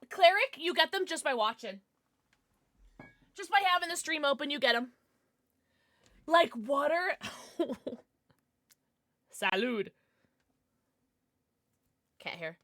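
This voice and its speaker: A young woman chatting on a live stream from her home setup, bubbly and quick to gasp or laugh. Her voice sits high and bright and swings widely in pitch. The sound is close and dry, with hardly any room in it. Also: expressive, no echo. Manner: bubbly, reads chat aloud, gasps and laughs often. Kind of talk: casual live-stream chat.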